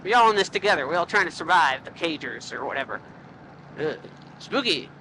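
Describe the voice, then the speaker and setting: A little fast and low-pitched, with lively intonation and a slightly bright sound, this Canadian motorcycle vlogger jokes and swears her way through casual commentary. She rides country roads with a helmet mic, and the low-quality recording picks up slight background noise.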